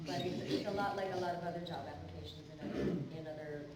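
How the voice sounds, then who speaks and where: Playful woman in a booming hall. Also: fairly even intonation, fast talker. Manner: joking and playful. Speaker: voice actor panel guest. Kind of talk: conversational panel answer. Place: large convention hall. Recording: echoey hall, far mic, background noise.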